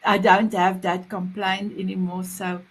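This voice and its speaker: Lady hosting, gushing and praising, mid pitch. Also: little pitch movement, a little slow, noisy background. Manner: warm, effusive, non-native phrasing. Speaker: host. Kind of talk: casual interview chat.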